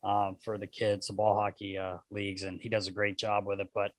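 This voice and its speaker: A man's voice: lowish voice, completely flat delivery, a little fast, no room sound. Joking man, podcast co-host. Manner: joking, laughs a lot, loose rambling. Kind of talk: casual chat.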